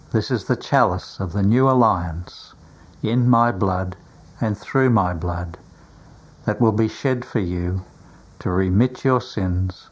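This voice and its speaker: A man voicing a gentle, grieving Jesus in a solemn, tender manner. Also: on the low side, husky.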